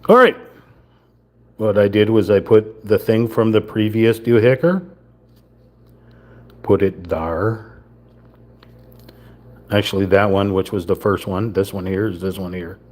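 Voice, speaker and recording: A man's voice: on the low side, a little slow, pauses often. A man giving a casual running commentary while he builds a wooden model kit on a live stream, muttering the steps to himself as he works. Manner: mutters step by step to himself while handling small parts.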